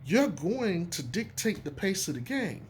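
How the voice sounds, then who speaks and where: Animated, emphatic man talking basketball. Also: high-pitched, a little slow, a little hiss or hum. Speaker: sports commentator. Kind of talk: casual sports opinion talk.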